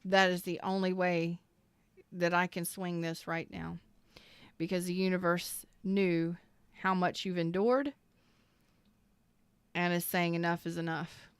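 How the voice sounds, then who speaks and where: Woman tarot reader, heartfelt and repetitive, low smooth voice, dry close mic. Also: fairly even intonation, takes it slowly, pauses often, no room sound. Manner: earnest, emotional, repeats phrases, near tears. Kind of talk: emotional tarot reading to camera.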